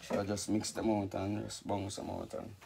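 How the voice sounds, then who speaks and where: A man's voice: on the low side, monotone, moderate pace, gravelly, background noise. A Jamaican man, a dancehall artist, ranting angrily in a vlog, cursing and calling the listener brother over and over. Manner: angry, cursing, repetitive address of the listener. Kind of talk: heated vlog rant.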